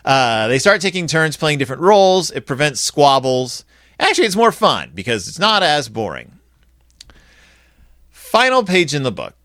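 A man giving a comic, sarcastic review of a children's picture book, acting out quoted lines in flat voices. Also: on the high side, moderate pace, no echo, studio quality.

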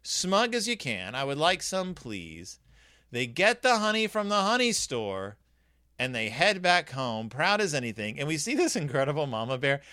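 A man's voice: fairly high pitch, sing-song, normal speed, sharp tone, no echo, studio quality. A man giving a casual, rambling and jokey review of a children's book on his video channel.

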